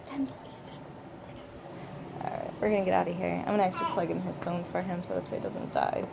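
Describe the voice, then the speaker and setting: A mother and vlogger talks casually indoors at home, her voice on the low side, gravelly, steady in tone, and very fast, with a noisy background. She vents and acts out the people in her stories.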